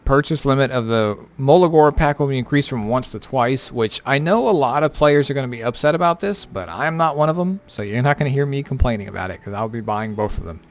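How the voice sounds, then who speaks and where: A man's voice: medium pitch, lively intonation, fairly quick, hardly any pauses. A tired man who has been up all night, casually going over game patch notes with lots of fillers and offhand remarks. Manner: rambling, filler-heavy, offhand. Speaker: gaming content creator.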